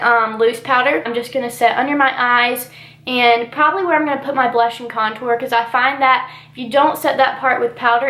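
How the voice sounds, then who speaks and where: A woman's voice: on the high side, echoey room. A young woman chatting through her makeup routine as a beauty vlogger, her voice a little stuffy from allergies, with a casual, rambling manner. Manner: chatty, relaxed product chatter with fillers. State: congested from allergies.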